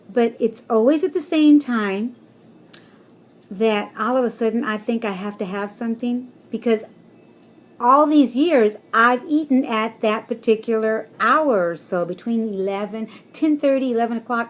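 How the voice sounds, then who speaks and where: Chatty woman vlogging about stress. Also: on the high side. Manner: chatty, rambling, with fillers and soft laughs; encouraging, speaks to viewers directly. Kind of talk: casual personal vlog.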